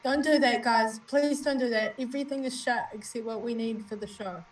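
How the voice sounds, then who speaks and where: A woman's voice: a little high, brisk, distant mic, rough recording. A woman co-hosting a live stream, teasing playfully and breaking into laughter. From New Zealand. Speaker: co-host. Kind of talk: live-stream casual chat. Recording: voice a little off mic.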